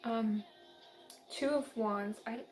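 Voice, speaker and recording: A woman's voice: fairly high pitch, slow, darkish tone, faint music behind. A young woman from central Illinois giving a casual, upbeat tarot reading, chatty and giggly. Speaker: tarot reader.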